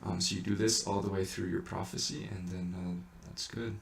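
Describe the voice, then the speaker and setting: A man's voice: deep voice, flat delivery, normal speed, vocal fry, a little hiss or hum. A man teaching how to chant, patiently explaining each step in a casual way. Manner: patient, explains in small steps. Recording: echoey room, distant mic, faint ambience.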